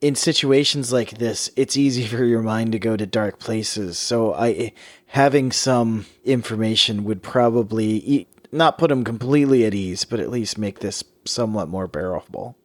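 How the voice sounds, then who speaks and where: A man co-hosting a podcast, explaining his take on an author's habits in a thoughtful, measured way. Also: lowish voice, no room sound. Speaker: podcast co-host. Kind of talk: casual book-club chat.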